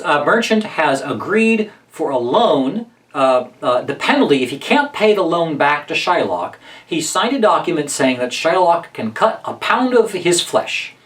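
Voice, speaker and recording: A man lecturing as a literature professor in a relaxed, conversational way, with frequent ums and uhs, now and then reading verse aloud with emphasis. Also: fairly high pitch, distant mic. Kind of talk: recorded lecture.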